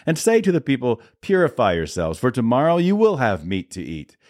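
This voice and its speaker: A man reading the part of a stern, solemn God, with measured pronouncements. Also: medium pitch, wildly swooping pitch, darkish tone.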